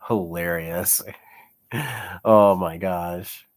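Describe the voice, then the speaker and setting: Sick low-voiced man chuckling through comments. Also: steady tone, unhurried, pauses often, dry recording. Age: young adult. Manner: chuckles often, rambling filler-heavy talk. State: chest congestion, sick. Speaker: YouTuber reading comments. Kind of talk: casual commentary vlog.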